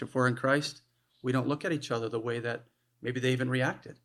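A man's voice: mid-range voice, level tone, quick pace. Earnest, conversational male preacher. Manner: conversational and earnest, with frequent restarts. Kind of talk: sermon.

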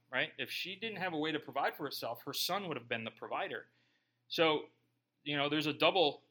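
Guy preaching a sermon, bright tense voice, chatty, keeps asking right?. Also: a little high. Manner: animated, conversational preaching with rhetorical questions. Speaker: pastor.

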